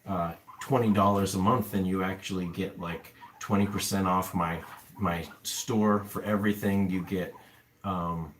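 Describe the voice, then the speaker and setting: With a low, steady voice and a slightly slow pace, the animal rescue owner keeps up casual live chat from his pet-filled home room. The camera sits on an upside-down tripod, there's slight background noise, and he wanders through filler-heavy replies to viewers' comments.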